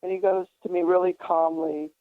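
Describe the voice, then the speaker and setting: A man's voice: sits high, flat delivery, normal speed, no room sound. A man hosting a psychic radio show, telling stories in a rambling way with many restarts. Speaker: psychic medium radio host. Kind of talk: casual radio chat. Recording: dry thin phone-line sound.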